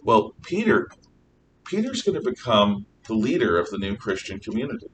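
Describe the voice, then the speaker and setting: A man teaching a class, retelling Bible stories in a lively, animated way and acting out the dialogue. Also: normal speed. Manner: animated, acts out dialogue with shifting voices. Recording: distant mic with faint rumble.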